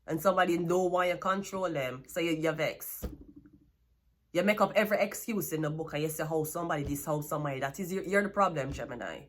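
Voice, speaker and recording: A Jamaican woman with a deep voice gives a tarot reading at a fast clip. She is blunt and scolding and swears plenty.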